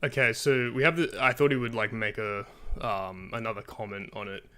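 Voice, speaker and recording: A man, not from America, giving halting commentary on a video, full of fillers and restarts. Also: fairly low pitch, steady tone, bright, forceful tone, clean tone. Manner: hesitant, many fillers and restarts. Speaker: commentary channel host.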